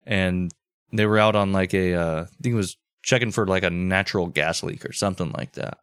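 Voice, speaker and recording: A man co-hosting a casual podcast, teasing his partner in a deadpan way. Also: low-pitched, fairly quick, clear, resonant tone, no echo, studio quality. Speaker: podcast co-host.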